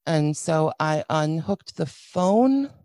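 A middle-aged woman telling a painful personal story in a candid, halting way, with many restarts and dry, wry asides. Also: low voice, lively intonation, mellow, no echo. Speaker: guest sharing a personal story.

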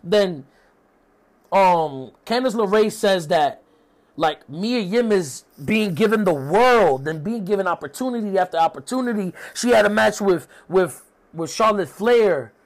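A young man with a fairly high voice talks through a wrestling episode in a casual recap. He keeps it loose and full of swearing, with many fillers along the way. His tone is offhand, as if chatting to a friend. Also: lively intonation, a little slow. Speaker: wrestling show reviewer.

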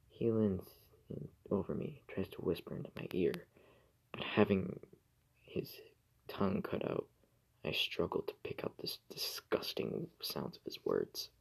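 A man reading a first-person horror story in a slow, hushed way that often drops to a whisper. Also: low voice, creaky, breathy edge, low-quality recording. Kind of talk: scripted horror narration.

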